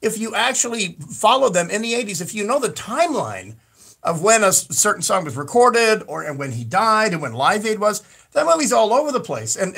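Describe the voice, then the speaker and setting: A high-pitched man hosts a casual radio talk show. He talks in an animated, rambling way and trips over and repeats his words. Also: gravelly, slightly rough.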